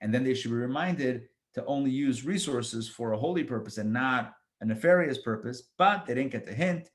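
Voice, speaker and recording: A rabbi reading scripture verses aloud and explaining them in casual asides, with lively, emphatic rhetorical questions. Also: male voice, mid-range voice, moderate pace. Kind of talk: Torah study lesson.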